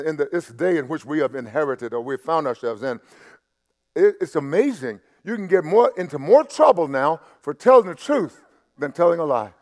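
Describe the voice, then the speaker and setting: A man preaching a sermon to a church and online audience. He talks conversationally, stammers and repeats himself, and swings from loud emphasis to quiet asides. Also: fairly high pitch. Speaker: pastor. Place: church sanctuary. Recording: long hall reverb.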